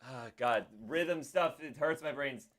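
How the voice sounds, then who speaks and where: A man's voice: mid-range voice, measured pace, fairly bright tone. A man live-streaming, talking casually to himself and his chat as he works out drum parts, humming rhythms under his breath. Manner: mutters to himself, hums drum rhythms, reads chat aloud. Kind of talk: casual live-stream talk while composing music.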